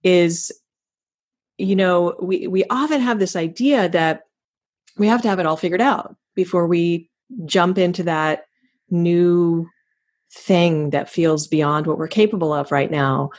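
A woman hosting a podcast, speaking in a thoughtful, affirming and measured way. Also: on the low side, darkish tone. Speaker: podcast host. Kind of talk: reflective interview chat.

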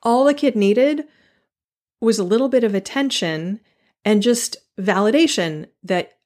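With a fairly high, expressive voice, a darkish tone and a measured pace, this woman runs a solo podcast. Earnest and animated, she restarts sentences and repeats key phrases to drive them home.

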